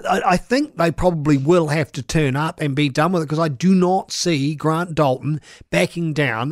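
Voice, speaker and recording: A man's voice: fairly high pitch, darkish tone, no echo, clean studio sound. A man, a sports radio host chatting casually and giving opinions with many restarts.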